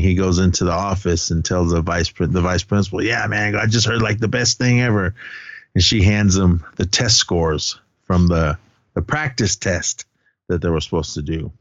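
Low-voiced man recapping a movie, lo-fi. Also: no echo. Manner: rambling storytelling with quoted lines and laughs. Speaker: podcast co-host. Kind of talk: casual movie recap chat.

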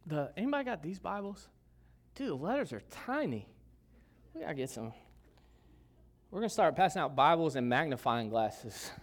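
This middle-aged male pastor's voice is mid-range and creaky as he gives a sermon in church. He jokes and speaks conversationally, throwing in asides to the people listening.

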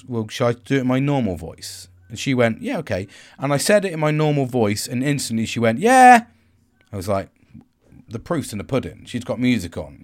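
Rambling man musing on self-reflection. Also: mid-range voice. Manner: rambling, with frequent restarts and asides. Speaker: host. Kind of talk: reflective monologue.

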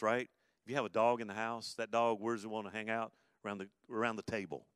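A man preaching a sermon in an animated way, with sudden loud emphatic bursts. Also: mid-range voice, clear, resonant tone, dry recording, clean studio sound. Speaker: pastor.

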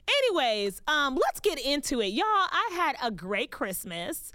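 A woman's voice: high voice, wildly swooping pitch, measured pace, hardly any pauses, pushed and bright, dry recording, clean studio sound. A woman hosting a podcast in a recording booth, talking in an exuberant, playful, gushing way. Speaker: podcast host. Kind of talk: casual podcast chat.

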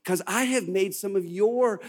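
An American man preaching a sermon to a congregation, building to shouted exhortations and calling for responses. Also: high voice, unhurried. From United States. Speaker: pastor. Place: church before a live congregation.

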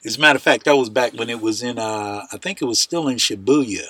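Bright, lively podcast co-host man. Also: mid-range voice, fast talker, slightly rough. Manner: animated, storytelling, lots of "yeah". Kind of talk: casual podcast chat.

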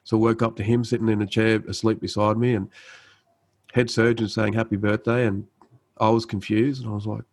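Brisk and gravelly, with a darkish tone and a level, lowish voice, a man in his thirties recounts a story as a guest. He's an army medic, laid-back, stuffing his telling with fillers and restarts while voicing the dialogue. Audio quality is poor.

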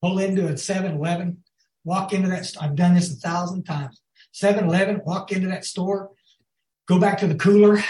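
A recovery speaker talks briskly in a high voice with a steady, darkish tone. He shares folksy stories, addresses his group as "y'all," and often asks if they follow him. The recording has a roomy echo.

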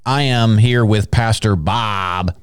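A man hosts a Christian podcast from a studio, his voice sitting very low. He talks in lively, loose bursts, laughing and throwing in praise exclamations. The sound is dry and close, with no room around it. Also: slow, clear, resonant tone, dry recording. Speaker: podcast host. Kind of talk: casual Christian podcast chat.

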